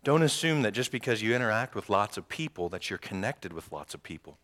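A man preaching a sermon as pastor, lively and joking with the congregation. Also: lowish voice, a little fast. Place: church sanctuary. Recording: long hall reverb.

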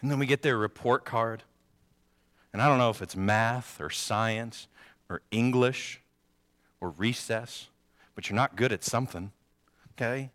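A man's voice: mid-range voice, a little slow, long pauses. Man preaching in a reverberant hall. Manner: storytelling with big swings from loud to soft. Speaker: pastor. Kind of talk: sermon. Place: church sanctuary. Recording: long reverb of a large hall.

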